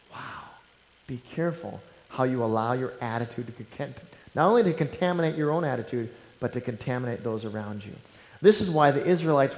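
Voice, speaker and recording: A male pastor preaching a sermon, swinging between loud emphatic lines and hushed near-whispers. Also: on the high side, in a large hall, rough recording.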